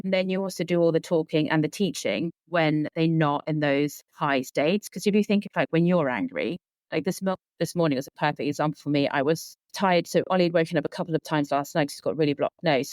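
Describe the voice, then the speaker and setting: A woman's voice: low-pitched, darkish tone, no echo. A woman in her thirties, a sleep consultant guest on a podcast, talking earnestly and rambling with lots of filler words. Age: 30s. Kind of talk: casual conversational interview.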